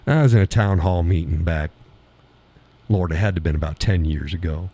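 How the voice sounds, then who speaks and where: A man's voice: sits low, fairly quick, warm tone. A middle-aged man hosting a live stream in casual chat, swearing freely, laughing often, telling stories with animation. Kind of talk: casual chat reading viewer comments.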